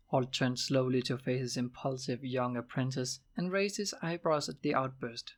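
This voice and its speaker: A man narrating a fantasy novel aloud in a steady, plain, mid-pitched voice. His reading is unpolished, with the odd stumble and restart. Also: normal speed, hardly any pauses. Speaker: audiobook reader.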